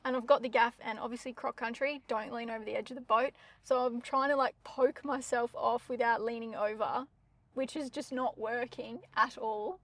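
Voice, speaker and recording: A young woman tells a story in a casual podcast chat. Her voice sits a little high, and her telling is lively and dramatic. The sound is close and dry. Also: normal speed, dry recording. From Australia. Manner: animated, dramatic retelling with laughs. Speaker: podcast co-host.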